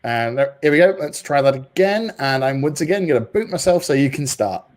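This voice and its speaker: A man's voice: fairly high pitch, animated, a little fast. A man hosting an online meetup over a video call, jokey and a little hesitant. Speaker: meetup host. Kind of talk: live event hosting.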